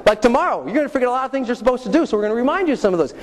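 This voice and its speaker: Animated high-voiced male storyteller in a hall. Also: rapid-fire. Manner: animated, acts out screams and dialogue. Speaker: motivational speaker. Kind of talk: comic stage storytelling. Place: large hall with audience. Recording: echoey hall, faint noise.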